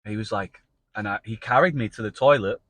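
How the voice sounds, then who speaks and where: A man's voice: on the low side, a little fast, a bit bright, dry recording, rough recording. A man casually telling his own story to camera in a loose, chatty way, with frequent restarts and the odd swear word.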